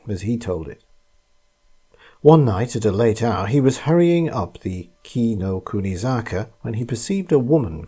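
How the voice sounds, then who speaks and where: A man reading a ghost story aloud in a calm, measured scripted narration. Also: mid-range voice, breathy edge.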